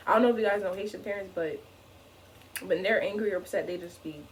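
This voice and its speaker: A young adult woman vlogger telling a funny personal story in an animated way, often saying "like". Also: mid-range voice, quick pace, slight background noise, rough recording. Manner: animated, fills speech with "like". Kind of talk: casual storytime.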